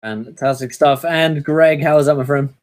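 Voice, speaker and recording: A man hosting as dungeon master on a video call, giving quick upbeat hand-offs to each player. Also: on the high side, fairly even intonation. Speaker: dungeon master and show host. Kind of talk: wrapping up a live stream, calling on players.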